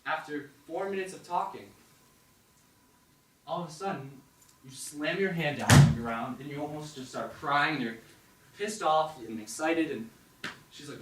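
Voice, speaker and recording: A young man on stage spinning an animated second-person story, slipping into acted inner voices. He is heard from some distance in a roomy, echoing hall, with a faint hum of ambience behind him. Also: fairly high pitch, moderate pace, pauses often. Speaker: open mic performer. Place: performance hall with audience.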